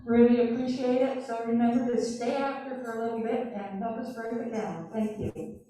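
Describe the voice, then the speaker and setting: A woman presiding over a club meeting, thanking members and moving things briskly through the agenda. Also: a little high, steady tone, warm tone, slight background noise. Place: meeting room. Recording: echoey room, voice from a distance.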